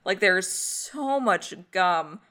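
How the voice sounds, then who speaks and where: A woman's voice: mid-range voice, lively intonation, drawn-out words, sharp tone. Woman podcast cohost, chatty, laughs a lot, lots of "like", casual recap. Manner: chatty, laughs often, many "like" fillers. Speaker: podcast co-host. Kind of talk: casual TV episode recap chat.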